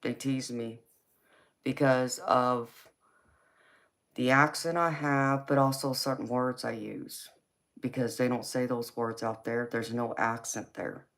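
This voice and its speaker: A woman with a Southern accent from Georgia, chatting casually and drawling on a livestream as she answers viewers. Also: rumbling low. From California. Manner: drawling, relaxed, calls people baby. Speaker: tarot reader on a livestream. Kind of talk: casual live chat reading viewer comments.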